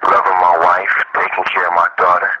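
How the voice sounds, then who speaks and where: Very deep laid-back man in his forties. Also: monotone. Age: 40s. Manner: laid-back, slow, rambling with fillers. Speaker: musician guest. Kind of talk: casual interview. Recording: muffled radio with hiss.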